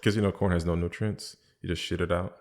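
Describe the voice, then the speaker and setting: A man talking as a podcast guest in casual chat, telling animated stories and acting out other people's lines. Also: deep voice, fast talker. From Caribbean island family background.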